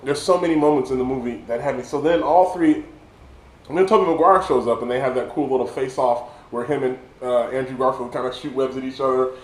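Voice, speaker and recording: A man, a little drunk, reviewing a movie in a casual monologue, excited and rambling, stumbling over words and restarting often. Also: medium pitch, quick pace, roomy sound, poor audio. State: tipsy.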